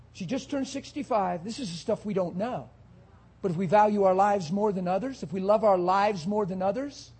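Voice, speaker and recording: A man's voice: sits high, mellow, husky. A man preaching a sermon, talking to his congregation with fervent, emphatic delivery.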